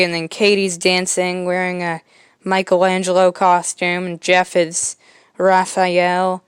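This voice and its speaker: A woman's voice: on the low side, completely flat delivery, unhurried, smooth, no echo, clean studio sound. A woman podcast host casually retelling a homemade comic, rambling with lots of fillers. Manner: rambling, filler-heavy, quietly amused.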